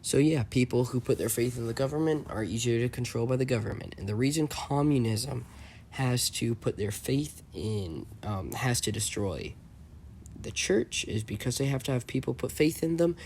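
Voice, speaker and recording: A man's voice: medium pitch, darkish tone, a little hiss or hum. A man talking over screenshots in a rambling, mocking, self-assured commentary voice-over. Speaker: channel host.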